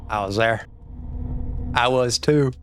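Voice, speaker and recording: A man's voice: medium pitch, takes it slowly, a bit bright. A man doing a sinister old folksy cultist. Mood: menacing. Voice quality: shifting put-on rural drawl. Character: old male cult member, sinister and folksy. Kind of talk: reading game text aloud in voices.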